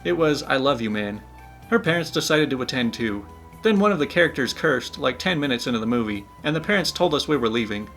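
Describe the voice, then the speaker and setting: A man's voice: medium pitch, expressive, fairly quick, a bit bright. A man narrating internet stories in a casual storytelling style, dropping wry joking asides. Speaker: narrator reading Reddit stories. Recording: faint background music.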